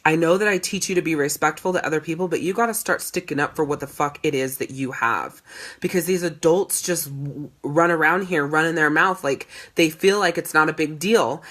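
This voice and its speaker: A woman in her thirties, a coach talking in a casual monologue, blunt and emphatic, with lots of swearing and animated storytelling. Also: lowish voice. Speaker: life and sales coach.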